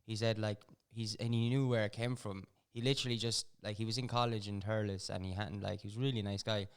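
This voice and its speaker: A fast-talking man hosts a casual podcast in a smooth, clear voice that sits a little low. He tells stories in a rambling, animated way, full of fillers. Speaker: podcast host.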